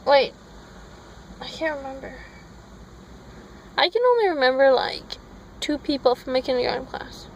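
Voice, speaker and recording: This woman, a vlogger from Minnesota, speaks in a high, expressive voice at normal speed, pausing often as her rambling story goes off on tangents and she corrects herself along the way. Recorded on a phone, the rough audio carries a faint background hum.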